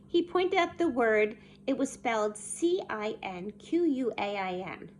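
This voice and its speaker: A woman reading a children's storybook aloud with a fairly high voice that jumps all over in pitch. Her reading is bouncy and expressive. A faint hiss sits under the recording. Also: measured pace, few pauses. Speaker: storybook reader.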